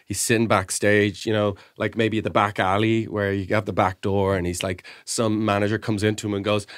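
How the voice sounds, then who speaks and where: Man telling a quick story. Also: fairly low pitch, little pitch movement, dry recording, studio quality. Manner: quick anecdotal storyteller with stumbles and laughs. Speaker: podcast co-host. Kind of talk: casual comedy storytelling.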